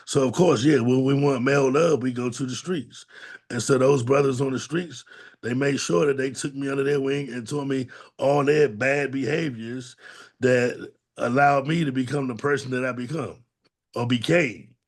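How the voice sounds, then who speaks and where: A man's voice: mid-range voice, steady tone, normal speed. A man co-hosting a talk show, giving candid, plainspoken testimony in casual slang and acting out quotes from people in his past. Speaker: podcast co-host and domestic violence advocate.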